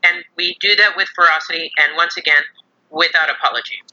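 Female psychologist guest, earnest and reflective, very bright sharp tone, muffled remote-call sound. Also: low-pitched, steady tone, brisk. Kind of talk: casual interview chat.

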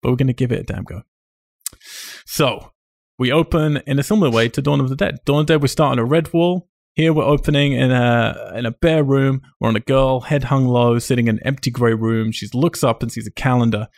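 A man hosting a relaxed film podcast, talking in an easy, chatty way with frequent laughs. His voice sits in the middle of the range and sounds close and dry, with no room around it. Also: mid-range voice, fairly quick, gravelly, no echo. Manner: chatty, laughs often, self-deprecating. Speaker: podcast host. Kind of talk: casual film discussion.

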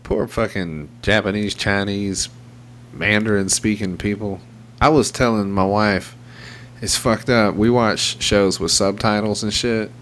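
A man with a fairly low voice rambles through a casual podcast chat, wry and full of swearing. A faint hum sits behind the recording. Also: fairly even intonation, unhurried, fairly bright tone.

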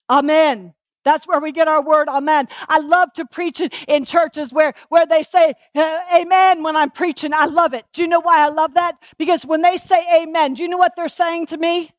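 A woman's voice: high-pitched, no room sound, clean studio sound. A woman preacher delivering a passionate sermon, repeating phrases and asking the congregation questions.

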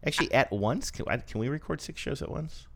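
A man's voice: mid-range voice, lively intonation, fairly quick, a bit bright. A man co-hosting a casual chat about ads, easygoing and thinking aloud. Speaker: podcast co-host.

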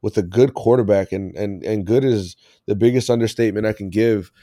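A man's voice: on the low side, a little fast, mellow, dry recording, clean studio sound. Laid-back man hosting a sports podcast. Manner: loose, rambling, laughs often. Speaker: podcast host. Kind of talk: casual sports podcast chat.

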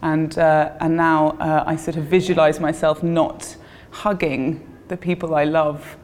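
A woman's voice: low-pitched, little pitch movement, unhurried, darkish tone, long reverb tail. A woman telling an embarrassing story with giggles and self-mockery. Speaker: storyteller guest. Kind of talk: pre-recorded comic anecdote.

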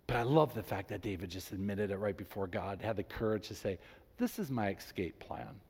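A man preaching a sermon as a pastor, reading scripture aloud with emphasis and animated delivery. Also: on the low side, a little fast, husky. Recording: long reverb in a large hall.

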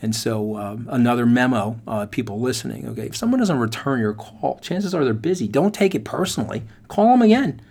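A middle-aged man hosting a podcast, telling a motivational story in an animated, emphatic way and speaking straight to listeners. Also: medium pitch, brisk, vocal fry, few pauses, husky. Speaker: podcast host.

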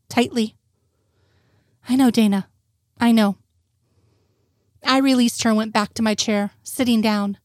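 A woman narrating a fan fiction story in a steady, soft-spoken reading. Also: fairly high pitch, dry recording, studio quality. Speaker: audiobook narrator.

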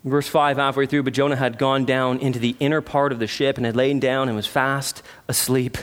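A man preaching a sermon, earnest, with rhetorical questions and dramatic pauses. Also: medium pitch, level tone. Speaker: pastor.

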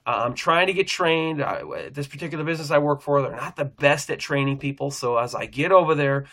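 A man's voice: medium pitch, fairly bright tone. A middle-aged man, a pastor, telling a personal faith testimony in an earnest, rambling way, often restarting his sentences.

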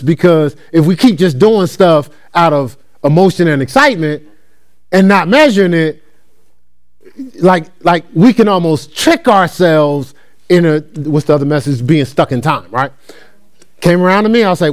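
He speaks at a normal speed in a voice on the high side, teaching through a conversational sermon. The delivery is animated and repetitive, with phrases said again and frequent call-and-response check-ins with his listeners.

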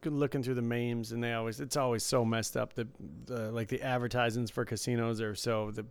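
A man's voice: medium pitch, flat delivery, fairly quick, clear, resonant tone. A man co-hosting a casual podcast chat, easygoing and rambling, laughing often. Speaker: podcast co-host. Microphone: podcast microphone.

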